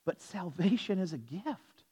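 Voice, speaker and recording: A man's voice: high-pitched, sing-song, a little slow, warm tone, husky. A male pastor preaching a sermon in a conversational, storytelling manner with a sarcastic edge.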